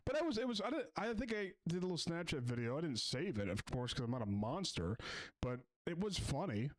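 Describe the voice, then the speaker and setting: A man's voice: on the high side, big pitch swings, a little fast. Sarcastic man ranting over a clip. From Philadelphia area. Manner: sarcastic, mocking rant. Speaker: reaction video host. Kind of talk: reaction commentary.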